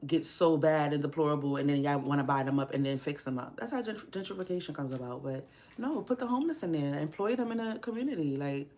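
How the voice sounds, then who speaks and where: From a home workspace, a young livestream host chats casually in a somewhat low, slightly mellow voice, talking quickly and expressively. Her rants are blunt and heavy with swearing, and she presses each opinion forcefully.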